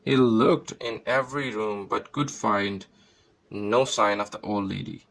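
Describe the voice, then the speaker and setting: A man reading a children's fairy tale aloud in a steady storybook manner. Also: on the low side, unhurried, vocal fry, rough recording. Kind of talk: scripted narration of a fairy tale.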